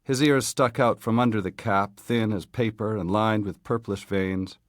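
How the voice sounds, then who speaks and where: A man with a fairly low voice reads a literary short story in a steady, measured way. The sound is close and dry, with no room around it. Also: no room sound. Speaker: audiobook reader.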